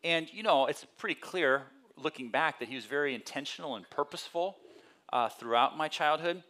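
A male pastor giving a conversational sermon, telling personal stories and acting out voices with lively energy. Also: a little high, brisk. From California. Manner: conversational storytelling with animated quoted voices.

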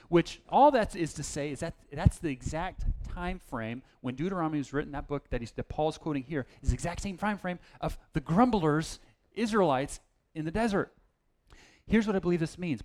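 A man preaching a casual, self-deprecating sermon, with plenty of fillers and restarts. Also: fairly high pitch. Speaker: pastor.

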